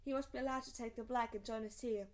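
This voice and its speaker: A woman reading aloud, voicing a gruff, blunt old male lord commander who growls his commands. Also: fairly high pitch, fairly even intonation, quick pace, close to an everyday voice. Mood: stern.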